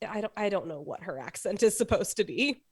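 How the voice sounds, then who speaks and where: A woman co-hosting a podcast in casual chat, measured and thinking aloud. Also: mid-range voice, lively intonation, slightly rough, dry recording. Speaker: podcast co-host.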